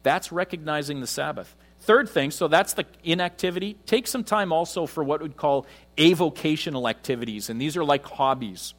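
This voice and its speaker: A man preaching a conversational sermon in church, with frequent pauses. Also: on the high side, fairly bright tone. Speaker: pastor.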